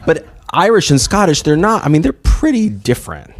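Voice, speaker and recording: A man's voice: a little high, huge pitch swings, fairly quick, slight background noise. A man interviewing two actresses, asking questions in a playful, light-hearted way.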